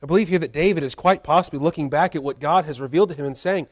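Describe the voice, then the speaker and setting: Male pastor, high voice, sermon, conversational, pleading when acting out prayers. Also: racing, few pauses. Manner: acts out a pleading voice for quoted prayers; conversational preaching with repeated restarts.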